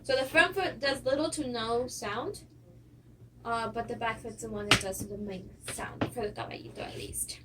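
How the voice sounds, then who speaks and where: A young woman with a high, light voice walks students through footwork and counts the steps aloud. She sounds set back from the microphone, and steady noise runs under her voice. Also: moderate pace. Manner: counts steps aloud, with little laughs and fillers. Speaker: dance teacher. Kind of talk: instructional lesson. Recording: distant mic with clear noise.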